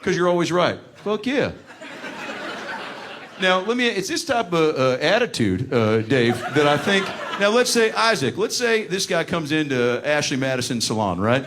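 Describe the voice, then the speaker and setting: A man's voice: on the high side, sing-song, normal speed. A man doing live stand-up crowd work, teasing audience members with brash, profane jokes. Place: comedy venue with live audience. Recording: live room with crowd laughter and noise.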